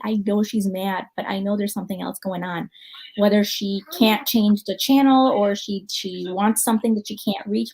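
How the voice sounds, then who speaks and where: An American clinical psychologist speaks at an online conference via video call, answering questions conversationally and filling pauses with ums and you-knows as she thinks aloud. Her ordinary mid-range voice is steady and darkish with vocal fry, and the audio is poor.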